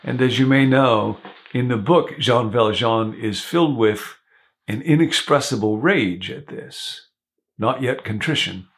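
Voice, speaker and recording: A man's voice: mid-range voice, a little slow. A male pastor who preaches a reflective sermon and retells a novel as a story.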